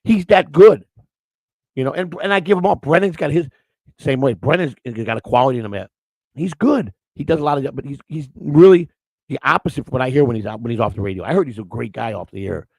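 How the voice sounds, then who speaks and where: A man's voice: medium pitch, lively intonation, fast, creaky, darkish tone, no echo, rough recording. A man hosting a live-stream morning show, rambling in unscripted chat, blunt and crude, restarting his words again and again.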